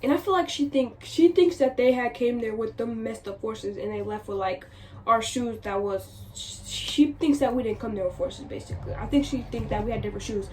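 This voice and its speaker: A woman vlogger telling a casual storytime in an animated, exasperated way, repeating herself for emphasis. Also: on the high side, a little fast. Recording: distant mic with noisy background.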